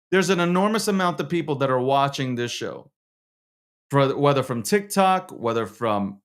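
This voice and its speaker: A man hosting and producing a live show, talking in a heated, repetitive way with heavy swearing. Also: on the high side.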